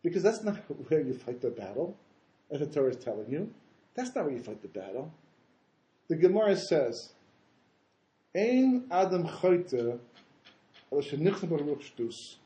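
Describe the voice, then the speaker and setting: Man, rabbi, Torah lecture, animated, rhetorical questions, dark mellow timbre, roomy echo. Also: fairly high pitch, measured pace, long pauses. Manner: animated, acts out voices in quotes, rhetorical questions.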